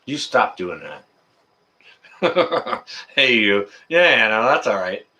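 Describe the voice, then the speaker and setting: Animated man chatting on a livestream. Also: lowish voice, takes it slowly. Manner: rambling, excitable, jokey. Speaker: livestream host answering chat. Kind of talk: casual live chat.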